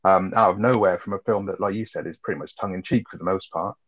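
A man's voice: low voice, fairly even intonation, fast. A man co-hosting a film review podcast, casually recapping plot and swearing freely. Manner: laid-back, swears freely, summarizes plot. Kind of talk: casual chat. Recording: dull lo-fi sound.

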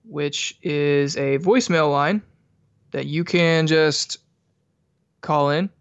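A man's voice: a little high, slow, clean tone, dry recording, dull audio. A man co-hosting a casual podcast, chatting and reading out show details. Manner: chatty, reads out show info. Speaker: podcast co-host.

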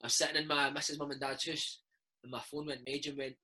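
A Scottish man in his thirties spins football stories at a rapid clip, tossing in "mate" and "eh" constantly. His voice sits fairly high, with a bright, slightly husky edge. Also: flat delivery, low-quality recording. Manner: chatty, peppers speech with "mate" and "eh". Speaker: former footballer, guest. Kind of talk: casual storytelling interview.

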